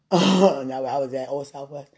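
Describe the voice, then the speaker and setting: A woman in a casual, rambling monologue, playful and laughing often, swinging from loud bursts to soft murmurs. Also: very deep voice, slow pace, breathy edge.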